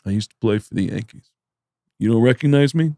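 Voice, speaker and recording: A self-proclaimed world champion who one-ups everyone in a low, flat, understated drawl, as a man puts him on. Bone-dry close sound, a middling male pitch. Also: fairly quick, no room sound, natural voice. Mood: deadpan boasting.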